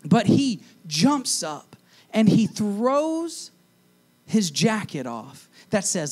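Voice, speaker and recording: A man preaching to a youth group, retelling a story and acting out its characters, swinging from shouts to hushed lines. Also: sits high, very animated, takes it slowly. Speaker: youth pastor. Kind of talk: storytelling sermon. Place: church youth room.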